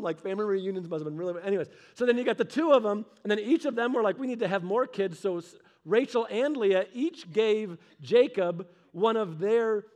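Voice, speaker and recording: A male preacher with a high voice delivers a sermon, and his delivery is casual and humorous. He retells the story by slipping into quick voices for each character. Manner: humorous and conversational. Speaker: pastor.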